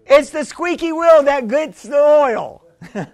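High-voiced man preaching a fervent sermon. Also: animated, takes it slowly, gravelly. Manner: fervent, builds to shouts, calls for a witness.

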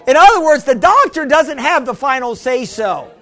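A middle-aged man, a pastor, preaching a sermon: he tells stories quietly, then builds to shouted, excited exclamations. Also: very high voice, normal speed.

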